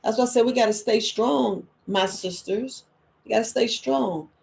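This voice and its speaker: A middle-aged woman, hosting a wellness podcast in a lively, emphatic monologue. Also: moderate pace, gravelly. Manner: lively and emphatic, with quoted voices and sudden high exclamations. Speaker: herbalist and podcast host. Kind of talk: casual spoken monologue.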